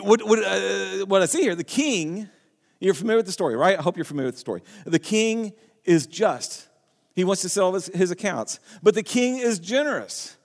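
A male pastor preaching a sermon, his voice sitting high for a man. He reads scripture aloud and talks earnestly, often restarting his phrases. The sound rings with a long hall reverb.

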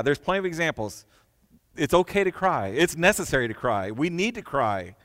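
A male pastor preaching earnestly, stumbling and repeating words as he asks the congregation questions. His voice sits a little high for a man and rings with the long reverb of a church hall. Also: fairly bright tone. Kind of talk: sermon.

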